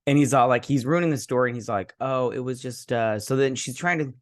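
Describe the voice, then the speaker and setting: Speaking at medium pitch and a little quickly, the male host of a laid-back episode review rambles through the scenes. He sprinkles in snarky remarks and keeps quoting characters with "she's like."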